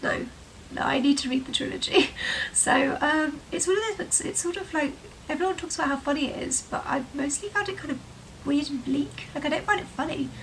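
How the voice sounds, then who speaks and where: Chatty English vlogger woman, high and a bit gravelly, mixed regional accent, sitting back from the mic in a room with faint background noise. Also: distant mic. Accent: mixed English, with touches of Herefordshire, London and Welsh. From England. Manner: chatty, full of "like" and "um" fillers. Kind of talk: casual rambling chat to camera. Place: room at home with sunlight coming in.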